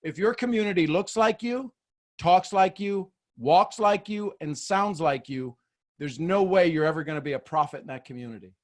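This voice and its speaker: A man's voice: sits high, normal speed. Joking motivational man on a call. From Texas, USA. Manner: joking, animated, preacher-like. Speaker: host of a leadership call. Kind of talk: motivational talk on a group call. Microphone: video call.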